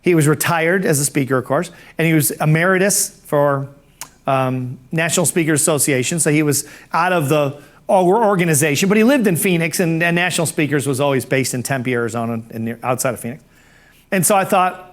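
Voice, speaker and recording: A male professional speaker recounting a personal story in an animated way. His voice sits high for a man. He acts out every line of dialogue and sounds amused by his own tale. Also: a little fast.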